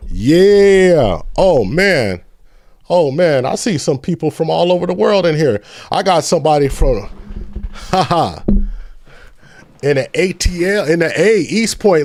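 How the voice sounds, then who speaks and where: Animated middle-aged man hosting a live stream. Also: on the high side, takes it slowly, no echo, studio quality. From San Francisco Bay Area. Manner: animated, rambling storytelling, shouting out viewers. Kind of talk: casual live-stream chat.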